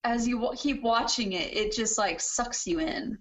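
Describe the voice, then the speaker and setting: A woman's voice: on the high side, moderate pace, highs cut off. A woman in casual podcast chat, giggly and gushing.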